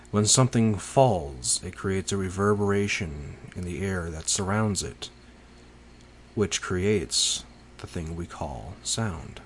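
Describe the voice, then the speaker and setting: Male, very low voice, unhurried reflective monologue, faint crickets behind. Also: a little hiss or hum. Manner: slow, pensive, with long pauses.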